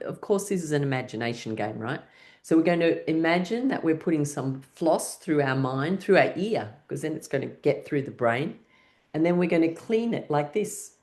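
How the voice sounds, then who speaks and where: A woman's voice: low-pitched, a little mellow. A woman leading a guided laughter exercise session as an instructor, playful and coaxing, often breaking into exaggerated laughter. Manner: cheerful, coaxing participants to play along.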